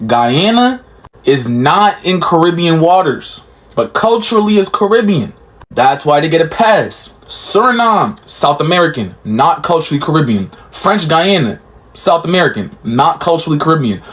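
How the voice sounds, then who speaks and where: A man hosting a reaction commentary, explaining points emphatically one by one. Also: a little high. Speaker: commentary host.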